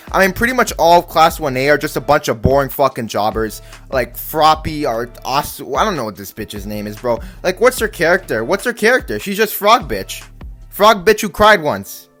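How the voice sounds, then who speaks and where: Man, profane ranting commentary, stammering, lively swings in pitch, faint music behind. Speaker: anime commentator.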